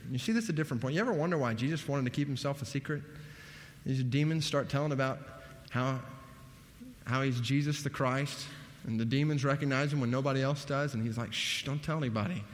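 A man preaching in a large hall, his voice trailing off into a long reverb. He has a middle-range pitch and lifts it emphatically whenever he drives a point home. The delivery is a sermon, animated and earnest. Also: brisk. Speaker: pastor.

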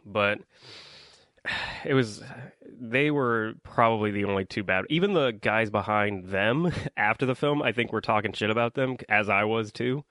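A young man hosts a solo podcast, rambling through a casual movie review full of ums and likes while complaining about his audience. His voice is fairly low and fairly bright, his pace unhurried, and the recording is dry.

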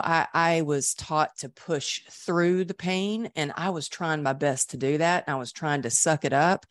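A woman's voice: sits low, dry recording, studio quality. A middle-aged woman telling her recovery story in an interview, earnest and emotional, with frequent restarts. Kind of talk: candid interview conversation.

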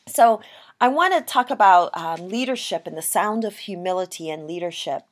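A woman delivering a sermon. She reads a scripture passage first, then moves into loose, conversational explanation with plenty of ums and restarts. Her pitch sits in an ordinary middle range, and she turns animated when she retells a story. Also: a little fast. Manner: reads scripture then talks casually with many fillers and restarts. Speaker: preacher.

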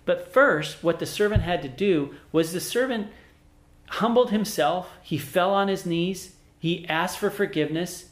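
Male preacher, fairly high voice, earnest and emphatic, reverberant room. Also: measured pace. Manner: earnest, emphatic storytelling with rhetorical questions. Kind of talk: sermon.

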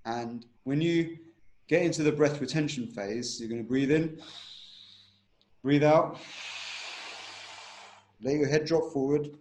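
A man's voice: on the high side, a little slow, pauses often, a little mellow, reverberant. A man teaching a breathing technique in an interview, instructive and repetitive, often checking in with "right?".

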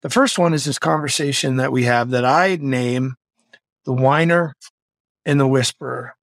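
A man's voice: mid-range voice, normal speed, dry recording. A middle-aged man, a former Navy SEAL and author, telling stories energetically as a podcast guest. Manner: energetic, motivational, animated storytelling. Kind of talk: podcast interview storytelling.

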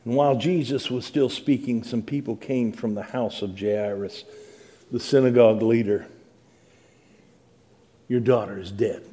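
Mellow-voiced man preaching a sermon. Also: medium pitch, steady tone, unhurried, pauses often. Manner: dramatic Bible reading, rising to emphatic preaching. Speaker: pastor.

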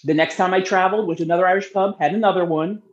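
A woman guest telling lively personal stories in a casual interview, talking freely and laughing often. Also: on the low side, racing. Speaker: podcast guest, beer promoter. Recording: roomy, slightly muffled.

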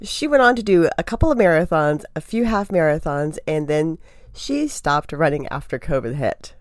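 A woman hosting a podcast and interviewing a guest, upbeat and expressive, a running coach by trade. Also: low voice, moderate pace, no room sound, studio quality.

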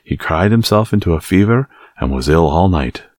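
Deep male audiobook narrator, husky, lively intonation, measured storytelling. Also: no echo, studio quality. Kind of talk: scripted narration.

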